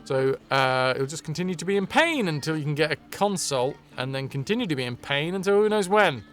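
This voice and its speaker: A man's voice: fairly high pitch, expressive, fairly quick. A man streaming a video game, chatting and joking in a rambling, casual way. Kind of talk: casual live commentary.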